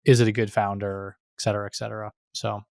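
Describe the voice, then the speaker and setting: A man's voice: lowish voice, little pitch movement, quick pace, vocal fry, a little mellow, dry recording, studio quality. A man hosting a podcast, asking rambling questions and correcting himself mid-sentence. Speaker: podcast host. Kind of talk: casual podcast interviewing.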